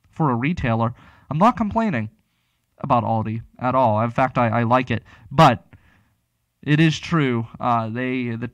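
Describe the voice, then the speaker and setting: A man's voice: mid-range voice, no echo. A man hosting a casual talk show, rambling and chatty, with many restarts. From Pittsburgh area. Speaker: radio talk show host.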